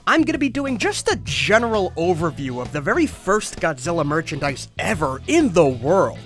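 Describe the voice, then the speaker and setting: A host giving a comedic overview of toy history, with wry, exaggerated comic outbursts. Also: mid-range voice.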